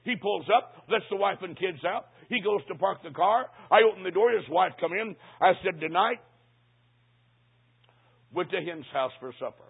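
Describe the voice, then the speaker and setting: A man with a fairly high, gravelly voice preaches, spinning a humorous story and dropping into hushed, lower tones for the other characters. His voice is husky, and the recording sounds thin and tinny, like a phone line. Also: animated, moderate pace. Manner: storytelling, acting out dialogue in hushed low voices.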